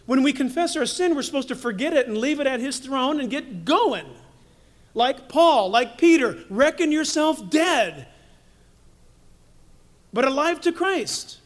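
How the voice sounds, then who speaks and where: Guy preaching a sermon, really high pitched voice, lively storytelling with little jokes. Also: a little slow. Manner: animated storytelling with humorous asides. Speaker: pastor.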